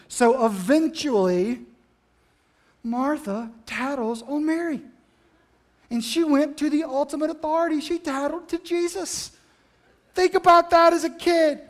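A man preaching a sermon, telling the story with animated, dramatic delivery. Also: very high voice. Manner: animated storytelling, acts out the scenes. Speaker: pastor.

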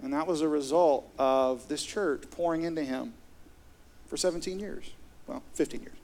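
A man's voice: on the high side, moderate pace, slight background noise. A middle-aged man, preaching a sermon as pastor in an earnest, conversational way. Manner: earnest, conversational, with soft laughs.

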